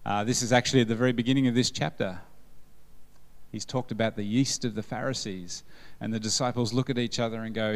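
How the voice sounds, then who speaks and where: A man's voice: lowish voice, fairly even intonation, a little fast, vocal fry, big-room sound. A man preaching at a church service, joking and quizzing the congregation as he goes. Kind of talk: sermon.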